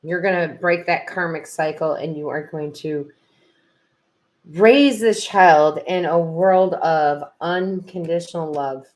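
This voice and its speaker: A woman's voice: low voice, slow pace, darkish tone. Emotional woman reading tarot live. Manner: emotional, effusive, tearful exclamations. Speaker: tarot reader and medium. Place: home room. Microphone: built-in computer camera mic.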